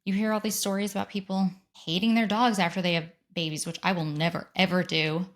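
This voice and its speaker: A woman in her thirties hosting a solo podcast, telling a story in an animated, gushing way and acting out what people said. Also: on the low side, brisk. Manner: animated, gushing storyteller who acts out quotes. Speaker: podcast host.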